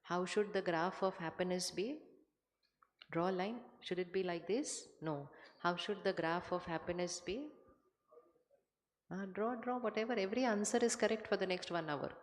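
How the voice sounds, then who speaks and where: Low-voiced woman, spiritual talk. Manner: measured, questioning the audience, conversational. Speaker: spiritual speaker. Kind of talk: spiritual talk to a live audience. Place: large hall with an audience. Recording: hall reverb from a stage mic.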